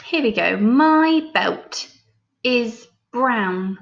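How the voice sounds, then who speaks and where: A woman teacher with an English accent, leading a recorded phonics lesson for young children, sounding out each letter slowly and praising often. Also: a little high, expressive, creaky. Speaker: primary school teacher. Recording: slightly dull lo-fi recording.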